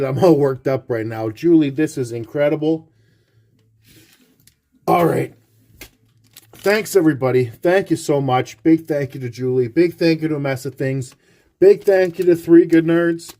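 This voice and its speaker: A man hosting a card-collecting vlog, chatty and rambling, swinging from hushed awe to loud excited outbursts. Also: medium pitch. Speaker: card-collecting channel host.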